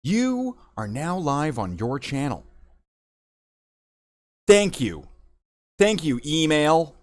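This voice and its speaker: Rambling, lively-voiced male hobby streamer. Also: a little high, slow, no room sound. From Canada. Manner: rambling and self-mocking, repeats words. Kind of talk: casual livestream chat while painting models.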